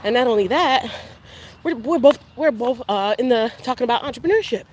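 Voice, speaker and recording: A woman's voice: on the high side, expressive, fairly quick, a little mellow, a little hiss or hum. A woman talking casually to her vlog camera while walking around her neighborhood, rambling and repeating herself as she candidly criticizes herself. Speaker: vlogger. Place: outdoors on a neighborhood walk.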